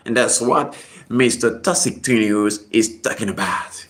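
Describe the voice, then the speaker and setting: A man vlogging casual commentary, rambling and repeating himself as he swings from low muttering to sudden high exclamations. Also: expressive, normal speed.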